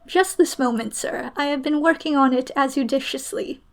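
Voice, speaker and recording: A woman voicing a composed male valet in a storybook reading, speaking quietly and deferentially in a measured tone. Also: sits high, vocal fry.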